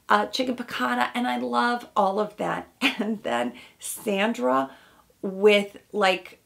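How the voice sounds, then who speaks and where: A woman therapist giving casual, animated commentary on a reality dating show, often acting out quotes. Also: medium pitch, gravelly. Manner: animated, warm analytical commentary with quoted asides.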